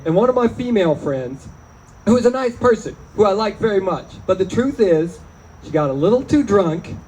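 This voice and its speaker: A man performing a stand-up comedy set, deadpan and self-mocking, slipping into quoted voices. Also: sits high, slight background noise, low-quality recording. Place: small venue, live audience.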